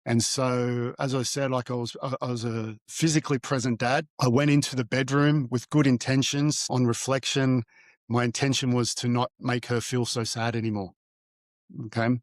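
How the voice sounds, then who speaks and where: A man's voice: medium pitch, little pitch movement, no room sound. Reflective man, dry close sound. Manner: halting, with frequent fillers and restarts. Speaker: guest, divorced father. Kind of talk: reflective storytelling in an interview.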